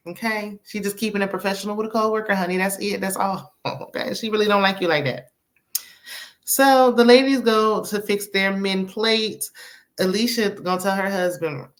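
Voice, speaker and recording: A woman with a medium-pitched, fairly bright voice recaps a reality show in a casual, sassy manner. She laughs often as she talks and tosses in words like "okay?" and "honey."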